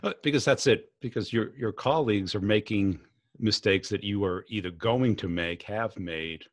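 Low-voiced man hosting a podcast. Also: moderate pace, no echo, clean studio sound. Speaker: podcast host. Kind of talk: conversational interview.

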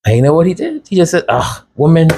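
A man's voice: high voice, huge pitch swings, racing, warm tone, a little hiss or hum. A man hosting a raw commentary monologue, impassioned and sarcastic. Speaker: channel host.

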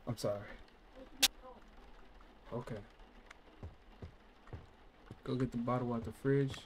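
A man doing casual gaming commentary, reacting loudly and swearing, with sudden outbursts between quieter remarks. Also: mid-range voice, flat delivery, takes it slowly, noisy background. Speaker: gaming channel host. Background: loud game music.

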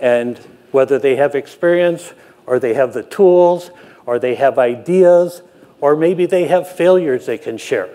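An older man, a production manager, telling a self-deprecating story with frequent halting restarts. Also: medium pitch, warm tone. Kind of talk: anecdotal storytelling talk.

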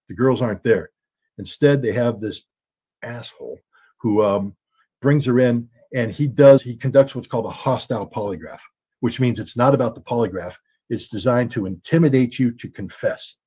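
A man's voice: medium pitch, a little fast, warm tone, husky. A man telling a story as an interview guest, rambling with many fillers and restarts and acting out the voices of people he quotes. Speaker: interview guest, former weapons inspector. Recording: dull lo-fi sound.

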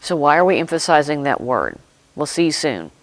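A pastor preaching a sermon, retelling a scripture story in slow, deliberate short phrases with pauses and reflecting aloud. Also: medium pitch, big pitch swings, poor audio.

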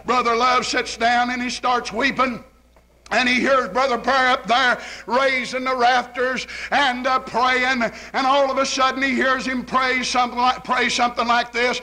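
A man's voice: very high voice, level tone, normal speed, sharp tone, low-quality recording. A man preaching a revival sermon in church, telling a folksy story and acting out its characters. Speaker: evangelist. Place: church sanctuary, evening service.

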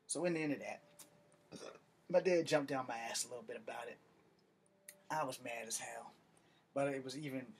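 A man's voice: mid-range voice, moderate pace, a little hiss or hum. Blunt, profane man telling a story. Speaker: martial artist. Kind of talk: casual storytelling monologue.

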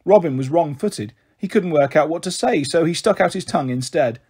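A man reading a children's novel aloud as a storyteller, gentle and shifting his voice for each character. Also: animated, fairly quick, breathy edge. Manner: gentle, voices the characters with raised and lowered pitch. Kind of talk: audiobook narration of a children's novel.

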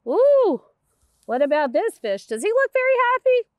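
A children's librarian reading a picture book aloud at a toddler storytime, with a sing-song, exaggerated and encouraging delivery. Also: female voice, high-pitched, very animated, a little fast, no echo, studio quality.

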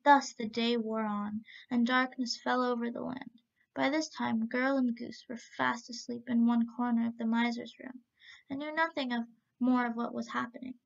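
A woman narrating a storybook tale at a steady pace, with occasional slips. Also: fairly high pitch, moderate pace, creaky. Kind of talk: storybook reading. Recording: dull lo-fi recording.

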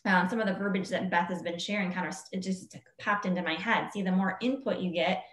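A woman telling a story casually to a group, acting out what people said in a higher voice. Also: fairly even intonation, fairly quick, fairly bright tone, echoey room, slight background noise, low-quality recording. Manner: chatty, acts out quoted speech in a higher voice. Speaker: team member sharing a story.

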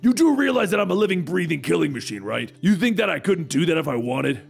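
A man voicing a brash, aggressive mutated male dog who talks loudly and taunts, often shouting. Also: fairly high pitch, sing-song, fast talker, creaky, faint music behind, exaggerated voice. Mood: angry.

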